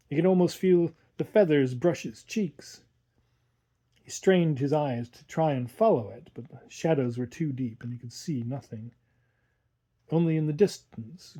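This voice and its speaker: A man narrating an audiobook with slow, measured storytelling. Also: medium pitch, dark tone, slightly rough. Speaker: audiobook reader.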